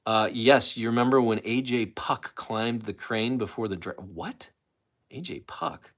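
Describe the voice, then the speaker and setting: Male livestream host, lowish voice, loose self-interrupting casual chat. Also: steady tone, unhurried, a bit bright. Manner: loose, self-interrupting, chatty with many fillers.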